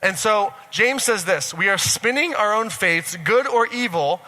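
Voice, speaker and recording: A man giving an animated, profane motivational talk to a live audience, often checking whether the crowd follows him. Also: high voice, unhurried. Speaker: speaker at a personal growth expo. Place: large event hall. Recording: reverberant live hall sound.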